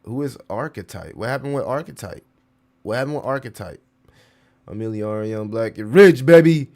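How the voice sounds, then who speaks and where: A man's voice: on the low side, normal speed. A man hosting a crypto livestream, chatting casually, talking slang, swearing and reading out chat comments. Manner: animated, slangy, swears, reads chat aloud.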